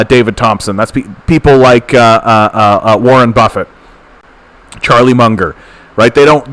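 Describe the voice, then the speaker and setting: A man from Canada hosting a livestream political commentary show, ranting fast with repeated phrases and stammered restarts. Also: mid-range voice, fairly bright tone. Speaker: host.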